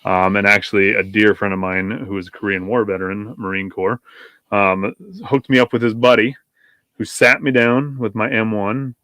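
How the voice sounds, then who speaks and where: A man's voice: lowish voice, steady tone, normal speed, a bit bright, dry recording. A man, a pastor and podcast guest, telling a story in a casual, rambling way, often correcting himself and wandering off on tangents.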